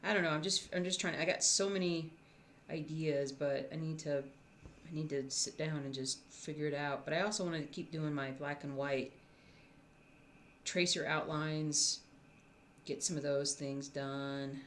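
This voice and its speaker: A woman's voice: low voice, fairly even intonation, measured pace, slight background noise. A woman who designs cross-stitch, chatting casually with her viewers from home in a rambling way, often restarting her thoughts. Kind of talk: casual live-stream chat.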